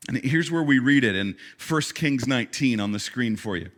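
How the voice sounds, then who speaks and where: Bright-voiced man preaching a lively sermon. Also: moderate pace, hardly any pauses. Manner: animated storytelling with frequent repeated restarts; swings from quiet, low asides to loud, emphatic peaks. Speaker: pastor. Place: church service.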